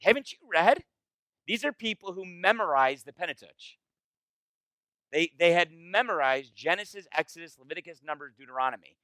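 A man leading a Bible study as pastor, in a casual, animated, conversational sermon style. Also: fairly high pitch, fairly quick, dry recording, poor audio. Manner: animated, conversational, acts out quoted voices.

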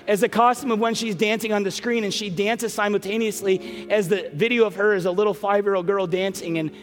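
A middle-aged man preaching a sermon as pastor, telling an emotional family story with quick asides. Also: high-pitched, fairly even intonation. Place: large church sanctuary. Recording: long hall reverb, soft music behind.

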